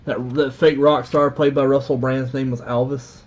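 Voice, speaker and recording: A man's voice: mid-range voice, normal speed. A man with a Southern accent hosting a live stream, casually joking with viewers as he opens card packs. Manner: relaxed, joking, chatty. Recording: dull lo-fi stream audio.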